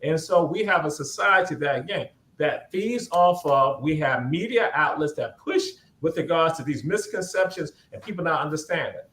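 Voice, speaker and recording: High-voiced man lecturing with rousing repetition. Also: animated, normal speed, hardly any pauses, a bit bright, reverberant. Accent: Gullah Geechee Southern. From Southern United States, Gullah Geechee. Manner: rousing, repeats "guess what" and climbs in pitch. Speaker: host. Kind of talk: preaching-style talk show lecture.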